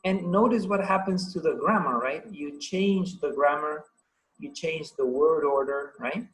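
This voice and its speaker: A man's voice: fairly high pitch, unhurried, poor audio. A man with a Paraguayan Spanish accent teaching an English grammar class over a video call, patient and encouraging, asking the students lots of questions.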